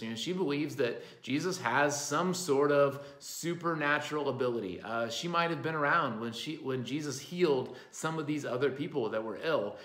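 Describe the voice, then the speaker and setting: A male pastor gives a sermon in a relaxed, conversational way, with fillers and restarts. His voice sits at an ordinary middle pitch. The sound carries a clear roomy echo. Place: church hall. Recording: echoey room.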